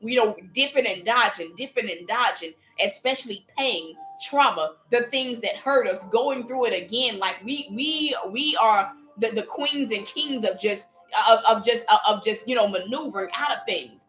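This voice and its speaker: A woman preaching in a lively, casual way, acting out little voices as she speaks. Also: fairly high pitch, normal speed, hardly any pauses, faint music behind, poor audio. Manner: animated, playful, acts out voices while preaching. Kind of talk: livestreamed preaching.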